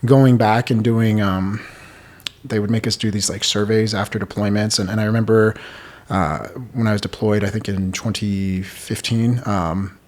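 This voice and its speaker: A man's voice: fairly low pitch, fairly even intonation, normal speed, darkish tone. A man in his thirties, a podcast host, candidly telling a personal story in an earnest, rambling way full of "like". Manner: earnest, rambling, heavy use of "like".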